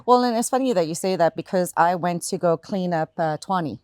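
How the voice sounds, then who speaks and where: Brief: woman host, lowish voice, dry close mic, casual chatty interviewer. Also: a little mellow, no echo. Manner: chatty, with frequent quick agreements.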